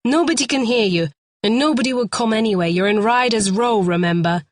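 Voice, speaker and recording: A man's voice: fairly quick, slight background noise, close to an everyday voice. A woman voicing a cornered, volatile young male kidnapper who shrieks and swears in panic. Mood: shrill panic. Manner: shrill, frantic, swearing. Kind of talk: audiobook character voice.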